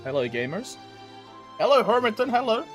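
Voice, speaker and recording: A man's voice: high-pitched, very animated, normal speed, soft background music. A young man streaming a game, greeting chat by name, with frequent laughs and slangy banter. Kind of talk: casual live-stream chat.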